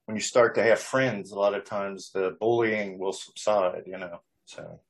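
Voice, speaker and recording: A man's voice: fairly low pitch, steady tone, unhurried. A man in a casual chat, talking bluntly and with profanity about being picked on at school. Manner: blunt and profane, laughs along.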